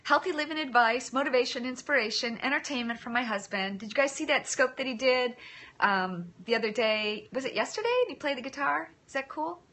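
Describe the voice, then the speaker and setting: Woman, livestream host. Slightly high, bright, punchy voice. Loose, chatty phone-stream delivery with lots of asides. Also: fairly quick. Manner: chatty, thanks viewers by name, scattered asides. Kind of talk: casual livestream chat.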